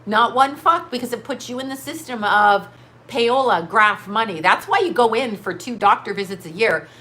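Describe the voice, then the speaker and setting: A woman's voice: mid-range voice, moderate pace, bright, forceful tone. A middle-aged woman hosting a livestream, reading chat comments and ranting bluntly, with plenty of profanity. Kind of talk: casual livestream rant. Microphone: webcam or phone mic.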